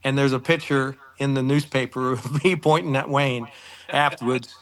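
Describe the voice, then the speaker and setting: A man's voice: medium pitch, fairly even intonation, moderate pace, fairly bright tone. A man in his sixties, a former football kicker, tells an old story in an interview, rambling with many filler words and acting out old conversations.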